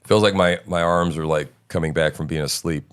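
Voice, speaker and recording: Deep-voiced man rambling on a stream. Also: fairly even intonation, brisk, clear, resonant tone. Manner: rambling, loose, with many fillers and restarts. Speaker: show host. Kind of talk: casual live-stream chat.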